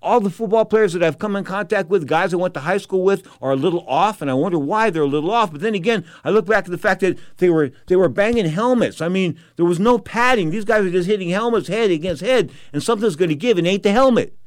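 Fast-talking emphatic man, dry sound. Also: high-pitched, no room sound. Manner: conversational, emphatic, keeps checking in with "okay?". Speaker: boxing commentator. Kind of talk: casual storytelling monologue.

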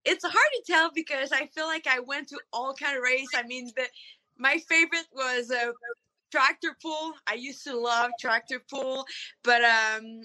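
A woman with a French accent answers interview questions, pausing often with fillers. Her voice is very high and sharply bright. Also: poor audio. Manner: hesitant, many fillers. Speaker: guest, monster truck driver. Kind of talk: casual radio interview.

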